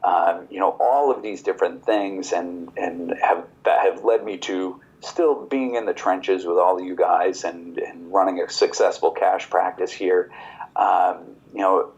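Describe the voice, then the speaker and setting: A man in his forties, a chiropractor guest on a podcast, telling a personal story in a casual, animated way and quoting others in his own voice. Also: sits low, unhurried. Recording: dull lo-fi podcast audio.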